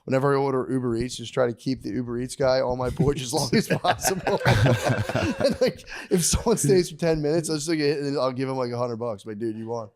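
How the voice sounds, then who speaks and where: A man co-hosting a comedy podcast, chatting casually, laughing often and dropping quieter while telling stories. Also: mid-range voice, a little fast, a crowd in the background. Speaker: podcast co-host.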